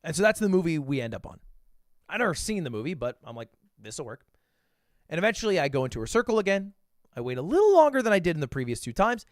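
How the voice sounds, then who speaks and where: A man's voice: on the high side, sing-song, very fast, dry recording, studio quality. A male streamer telling a story in a casual, self-deprecating way, swearing freely.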